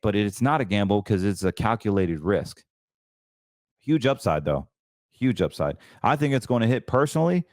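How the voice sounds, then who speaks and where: A low-pitched man hosts a financial show in a loose, chatty monologue. He gets excited, trips over his words and restarts, and sounds close and dry with no room around him. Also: dry recording. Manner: chatty, stumbles and restarts, excitable about trades. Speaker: host.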